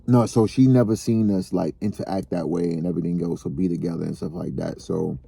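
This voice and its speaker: A man co-hosting a casual podcast conversation, telling stories in an animated way and leaping into high, excited exclaims. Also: fairly quick, creaky, husky. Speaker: podcast co-host.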